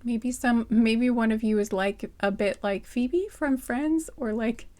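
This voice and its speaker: Slightly hoarse woman musing through a reading. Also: a little high, measured pace, darkish tone. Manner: rambling and hesitant, thinking aloud with many fillers and restarts. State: slightly hoarse, irritated throat. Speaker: tarot card reader. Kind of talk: casual pick-a-card reading.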